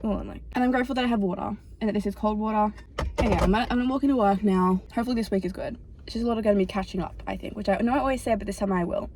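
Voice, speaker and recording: A woman's voice: medium pitch, very fast, darkish tone, slight background noise. A young woman talks casually to camera in a vlog, rambling along with lots of "like" fillers. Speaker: vlogger.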